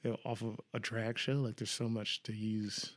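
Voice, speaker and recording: A man's voice: on the low side, little pitch movement, moderate pace, a bit bright. A young man talking casually as a podcast guest, laughing often, loose and profane, an improviser and TV writer.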